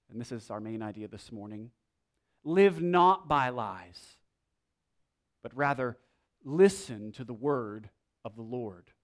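A male pastor preaching a sermon, praying and reading scripture, with a conversational manner, asides and rhetorical questions. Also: mid-range voice.

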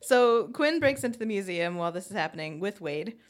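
A woman's voice: medium pitch, animated, fairly quick. A woman co-hosting a casual podcast, recapping with quoted asides. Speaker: podcast co-host. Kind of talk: casual chat.

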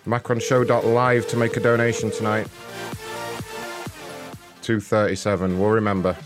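A man hosting a show and making prank phone calls, delivering insults in a mock-polite, deadpan way. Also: fairly low pitch, moderate pace, music in the background. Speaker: host and prank caller.

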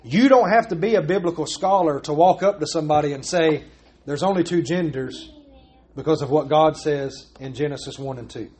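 A man's voice: a little high, fairly quick, hardly any pauses, a little mellow. A man preaching a sermon as pastor, pressing his points with repeated rhetorical questions.

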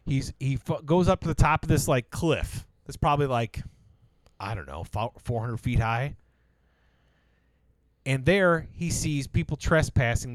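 A man in casual podcast chat, retelling a show's plot with lots of swearing and excited jumps in his voice. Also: no echo. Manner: animated storyteller, swears a lot, jumps high when excited. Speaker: podcast co-host.

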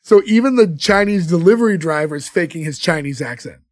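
A man's voice: a little high, animated, brisk, dry recording. A man co-hosting a casual movie podcast, retelling scenes and laughing often. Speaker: podcast co-host. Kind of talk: casual movie-review chat.

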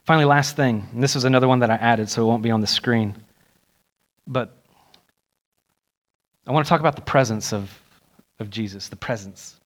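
A young man preaching a sermon in a church, animated and acting out the voices he quotes. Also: normal speed, long pauses. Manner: animated, acts out quoted voices with rising pitch. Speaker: pastor. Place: church sanctuary.

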